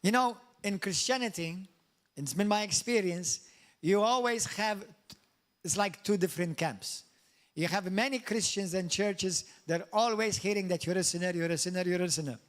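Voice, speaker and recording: Animated high-voiced male preacher. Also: moderate pace. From Malta. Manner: animated, swings into high mock voices and asks the congregation questions. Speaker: pastor. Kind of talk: sermon. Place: church hall.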